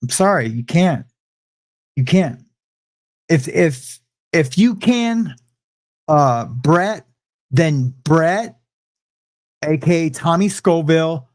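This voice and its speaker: A young man speaking in a fairly high voice, ranting on his livestream. He rambles and circles back, repeating lines as he defends himself. His tone runs hot and insistent. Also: animated, takes it slowly, long pauses, darkish tone. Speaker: livestream host. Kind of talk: heated livestream rant.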